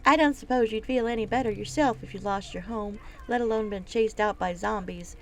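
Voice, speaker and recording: A woman's voice: a little high, brisk, voice pushed up, natural voice, rough recording. A woman reading the part of a proud, homeless halfling beggar in a fantasy video game, speaking in a resentful, prickly way. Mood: bitter.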